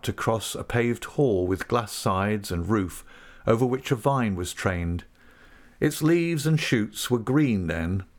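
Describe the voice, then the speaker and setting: A man narrating a classic novel as an audiobook reader, in a measured, expressive storytelling manner. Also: fairly low pitch. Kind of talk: scripted narration.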